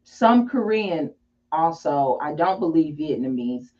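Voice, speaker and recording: A woman guest in a casual interview, explaining things patiently and telling a lively story. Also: deep voice, takes it slowly, highs cut off. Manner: explanatory, animated storytelling with laughs.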